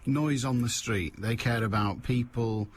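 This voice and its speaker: A man hosting a phone-in radio show, talking bluntly and forcefully. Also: medium pitch, unhurried, background noise. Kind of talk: opinionated radio talk.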